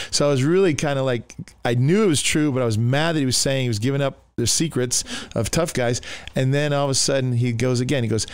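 A man's voice: medium pitch, a little fast, dry recording. Pastor telling his story with animation. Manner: animated, acts out the voices of people in his story. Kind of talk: storytelling in a conversation.

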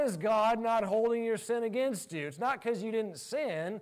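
High-voiced animated male pastor. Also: unhurried. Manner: animated, laughs often while preaching. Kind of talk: sermon.

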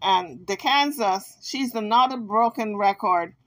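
A woman vlogger giving chatty, sassy, animated commentary on an argument. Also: mid-range voice, a little slow. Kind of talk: casual commentary recapping drama.

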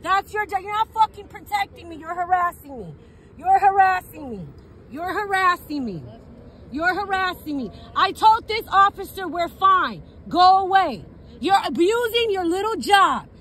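A woman's voice: extremely high pitch, pushed and bright, a little hiss or hum. A woman recording a police encounter on her phone outdoors at night, angry, repetitive and swearing. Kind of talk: angry confrontation filmed on a phone. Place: outdoors in a parked car at night.

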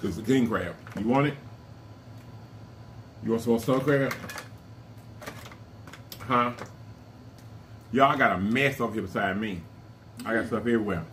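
A man's voice: fairly low pitch, a bit bright, slight background noise. A man hosting an eating vlog, talking playfully to his viewers between bites. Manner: playful, addresses viewers as y'all, food-filled pauses. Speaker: mukbang vlogger. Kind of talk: casual chat while eating on camera.

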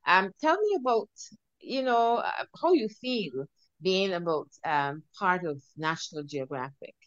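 A woman's voice: fairly low pitch, lively intonation, measured pace, fairly bright tone, dry recording. Woman, podcast host, hesitant with fillers, dry close sound, dull lo-fi audio. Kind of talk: podcast interview.

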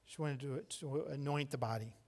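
A middle-aged man preaching a sermon as pastor, telling the story with animated delivery and acting out the voices of the people in it. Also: mid-range voice, moderate pace.

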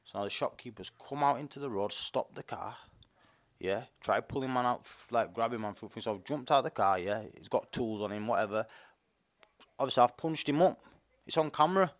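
A young man delivers an angry, rambling monologue, heavy on street slang and restarts. His voice sits fairly low, with an edge of grievance that stays under every sentence. He talks straight to his listeners, as if they were in the room with him. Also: a little fast. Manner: indignant, ranting, street slang, repeats himself. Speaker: podcast host. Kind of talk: casual monologue.

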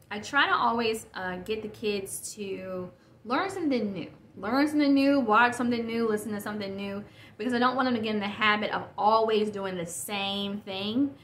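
Woman rambling on her podcast, mid pitch, roomy echo, little hiss behind. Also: a bit bright. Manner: rambling, self-correcting, chatty. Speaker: podcast host. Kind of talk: casual solo podcast talk. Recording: echoey room with faint noise.

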